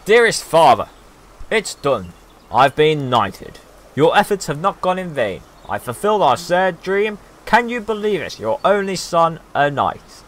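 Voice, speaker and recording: A man's voice: fairly high pitch, a bit bright, a little hiss or hum. A man voicing an earnest young knight writing to his father, reading solemnly in an odd put-on accent.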